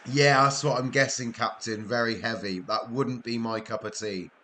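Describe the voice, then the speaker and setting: Chatty man hosting a game stream, mid-pitched, quick to laugh. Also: fairly even intonation, sharp tone, a little hiss or hum. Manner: chatty, laughs often, joking with chat. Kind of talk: casual live-stream chat.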